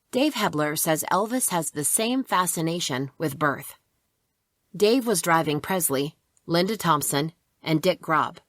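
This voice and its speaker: A woman's voice: low-pitched, a bit bright, no echo, studio quality. A woman reading a first-person memoir as an audiobook narrator, telling it plainly with casual asides.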